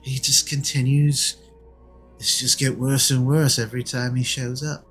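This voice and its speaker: A man's voice: medium pitch, level tone, measured pace, a bit bright, soft background music, close to an everyday voice. A man voicing a tired, bitter old grandmother who is being shaken down for money. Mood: weary. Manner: tired, resentful, pleading.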